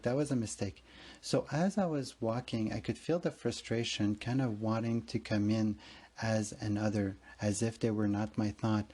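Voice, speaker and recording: Low mellow man telling an earnest story. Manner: earnest, rambling, emotional, swears freely. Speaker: podcast host. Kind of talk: personal storytelling monologue.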